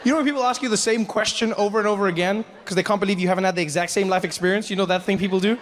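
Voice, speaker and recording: A man from South Africa performing a stand-up comedy set, animated and acting out other people's voices. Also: high-pitched, racing. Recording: live hall reverb, faint audience noise.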